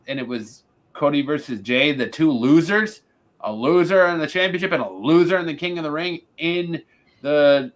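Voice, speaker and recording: A man's voice: on the high side, fairly bright tone. Blunt sarcastic man recapping wrestling. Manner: blunt, sarcastic, rapid lists. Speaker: podcast co-host. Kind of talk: casual wrestling recap chat.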